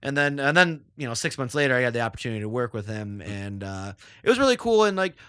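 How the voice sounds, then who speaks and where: A man speaks in a loose, rambling way, packing his sentences with filler words as he chats about his work. His voice is bright and crisp. The recording is dry and close, with no room sound. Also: medium pitch, big pitch swings, fast, no room sound. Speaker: chef guest. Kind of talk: casual interview talk.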